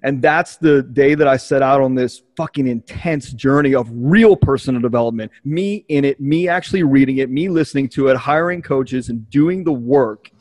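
A man's voice: mid-range voice, moderate pace, few pauses, a little mellow. A man hosting a podcast, telling a candid, emotional personal story in casual speech with frequent swearing. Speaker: podcast host.

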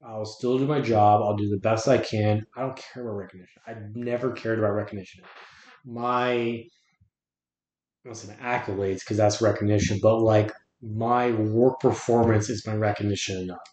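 A man's voice: lowish voice, steady tone, normal speed, a little mellow. Earnest man, roomy echo. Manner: earnest and reflective, often restarting words. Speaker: podcast guest. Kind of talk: casual conversation.

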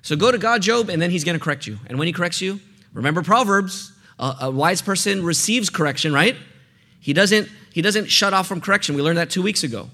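A man's voice: high-pitched, lively intonation, brisk, sharp tone. A man preaching a sermon, walking through a passage and asking his listeners questions to fill in the blanks. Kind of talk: sermon teaching.

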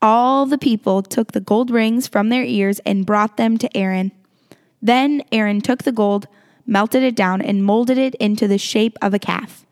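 Female preacher, higher voice, casual and earnest delivery. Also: measured pace. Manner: conversational and earnest, with filler words. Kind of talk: sermon.

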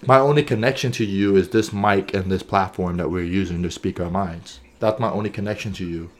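A low-voiced man speaks briskly as a podcast co-host in an easygoing chat. Earnest and thinking aloud, he regularly checks in with "right?" and "you know what I'm saying?"

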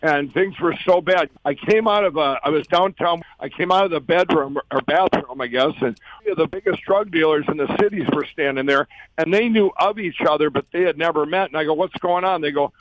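A man's voice: a little fast, dry recording. A man telling his story as an interview guest, earnest and rambling, acting out quoted voices. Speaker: guest, company founder. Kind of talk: conversational storytelling. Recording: dull, dry low-fi sound.

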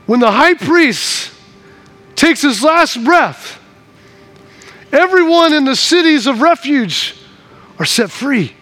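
A man preaching a sermon in church, swinging from hushed, slow lines to loud, acted-out shouts. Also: extremely high pitch, big pitch swings. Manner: acts out scenes in the voices of people in the story. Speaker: pastor.

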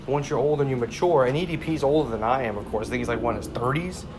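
A man's voice: mid-range voice, very fast, noisy background. A twenty-year-old man ranting casually about a football game, heated, swearing often and repeating himself as he rambles. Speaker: sports fan vlogger.

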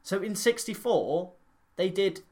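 A man's voice: high-pitched, lively intonation, unhurried, darkish tone. A man co-hosting a podcast in casual chat, rambling and opinionated, often breaking into laughter. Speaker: podcast co-host.

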